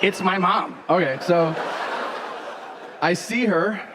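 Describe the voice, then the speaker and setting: A man's voice: sits high, slow, noisy background. A man doing stand-up on a stage, telling stories in a sarcastic, profane, conversational way. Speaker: stand-up comedian. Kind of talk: stand-up storytelling. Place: comedy stage before a live audience.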